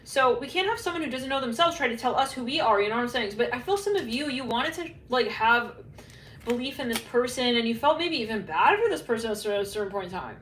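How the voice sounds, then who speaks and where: A woman giving a casual, rambling psychic tarot reading, full of fillers and quick asides, sometimes laughing at herself. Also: on the high side, lively intonation, fairly bright tone. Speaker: tarot reader. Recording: echoey room, faint background hum.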